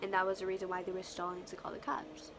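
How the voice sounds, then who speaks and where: A young woman vlogger telling a story casually, animated and profane, full of slang and acted-out quotes. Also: medium pitch, fast talker, over music.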